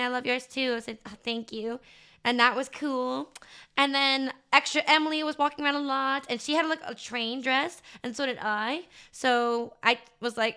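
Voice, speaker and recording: A woman's voice: high voice, bright, forceful tone, smooth. A woman streamer chatting casually to her viewers, gushing and rambling with lots of filler words. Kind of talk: casual livestream chat recap.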